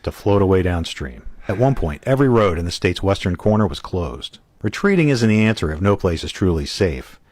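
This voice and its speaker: A man co-hosting a podcast, reading an article aloud in a steady, measured way. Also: low voice, no room sound. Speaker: podcast co-host.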